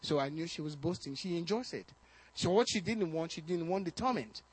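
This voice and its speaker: A man pastor preaching a sermon, telling personal stories in an animated way, often repeating words and rising in excitement. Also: fairly high pitch, fairly quick, husky.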